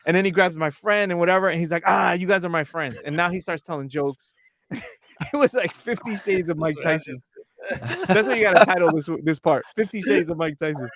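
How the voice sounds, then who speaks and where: A man guest on a podcast, telling a lively anecdote and acting out the voices of the people in it. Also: fairly high pitch, a little fast. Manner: animated, acts out voices in his anecdote. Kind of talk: storytelling on a podcast.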